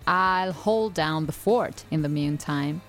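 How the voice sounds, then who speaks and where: A woman's voice: sits low, takes it slowly, a bit bright, soft background music. A woman hosting a podcast, reading a scripted English-lesson dialogue in a cheerful, teasing way and laughing often. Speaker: podcast host.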